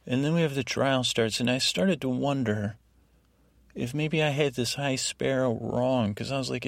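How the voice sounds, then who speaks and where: Guy with a gravelly voice rambling on a sleep podcast, dry close sound, lots of restarts. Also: mid-range voice, moderate pace, dry recording. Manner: meandering, self-deprecating asides, many restarts. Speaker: podcast host.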